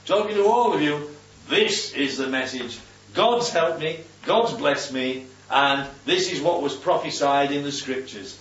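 A man's voice: fairly high pitch, a little slow, a bit bright. A man voicing an apostle on trial, earnest and respectful in his own preaching voice. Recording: distant, roomy, dull recording.

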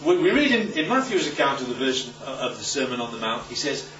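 A man's voice: medium pitch, fast talker, a little hiss or hum. A man preaching to a live audience, teaching emphatically and checking in with rhetorical questions. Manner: emphatic, lively teaching delivery. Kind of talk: sermon-style Bible teaching. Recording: echoey, distant, muffled room recording.

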